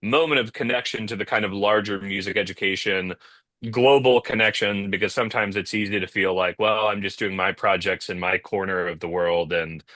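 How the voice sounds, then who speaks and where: A man's voice: lowish voice, fairly even intonation, fairly quick, bright, forceful tone, no echo. A man chatting as a guest on a video call, rambling with lots of fillers and restarts. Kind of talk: casual video-call interview. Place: home in the North Jersey area.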